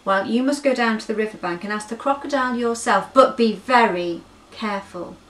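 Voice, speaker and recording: A woman doing a hushing, helpful snake. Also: a little high, fairly quick, far from the mic, lightly acted, rough recording. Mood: hushed warning. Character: sleepy, helpful snake on a rock.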